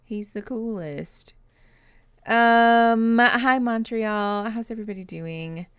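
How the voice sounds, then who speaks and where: A woman's voice: fairly high pitch, slow pace, clear, resonant tone, no echo, studio quality. A young adult woman, a therapist, chatting casually on a livestream, reading comments and greeting viewers, tired and yawning, laughing often. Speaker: therapist streaming reactions.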